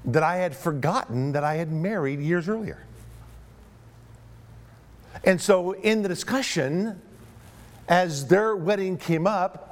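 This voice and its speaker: Middle-aged guy pastor telling a story from the pulpit, voice a bit high, swings all over the place, stammers when worked up. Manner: tells a story, acting out both sides of a phone talk, stammers when excited. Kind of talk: sermon storytelling.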